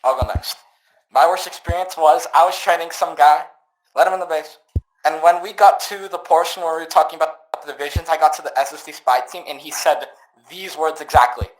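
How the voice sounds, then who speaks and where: A man's voice: a little high, brisk, reverberant, poor audio. A man co-hosting a casual podcast, asking the others questions in a laid-back way. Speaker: podcast co-host.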